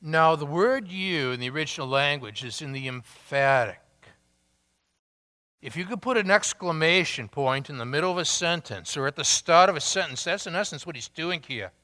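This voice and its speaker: A pastor delivers his sermon at an unhurried, measured pace, stressing key words and posing rhetorical questions to his listeners. His voice sits slightly high for a man and sounds bright and clear. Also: animated, in a large hall. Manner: deliberate, emphatic preaching with rhetorical questions.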